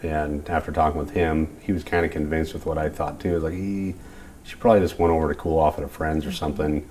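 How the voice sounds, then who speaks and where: A middle-aged man, father of a missing woman, speaking haltingly in an interview with many restarts. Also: a bass voice, little pitch movement, darkish tone, a little hiss or hum. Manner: halting, full of restarts and fillers.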